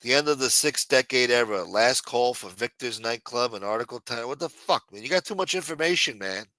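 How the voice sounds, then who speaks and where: A man's voice: mid-range voice, expressive, a little fast, bright, forceful tone, dry recording. A man hosting a late-night livestream, chatting loosely and profanely while answering viewers in the chat. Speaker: livestream host.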